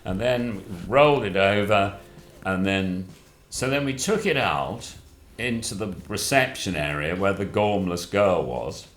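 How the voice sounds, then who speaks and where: A man's voice: sits low, animated, measured pace, a bit bright. An older man telling a story in casual chat, acting out the other people in it. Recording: roomy echo with faint music.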